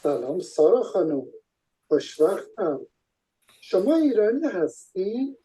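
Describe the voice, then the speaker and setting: A man's voice: sits high, very animated, rapid-fire, dark tone, husky, full character voice, rough recording. A man playing a friendly young Iranian man in a scripted language-course dialogue, speaking with a Shirazi Persian accent.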